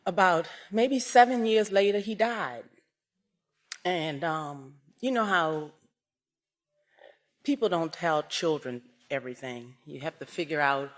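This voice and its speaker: A woman giving a personal testimony at a religious service, telling the story with emotion and rising to loud outbursts. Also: low-pitched.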